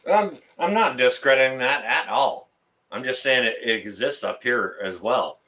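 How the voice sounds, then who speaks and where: A man's voice: mid-range voice, expressive, normal speed, sharp tone. A man hosting a casual live-stream chat, joking and teasing his guest. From Canada. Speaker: channel host.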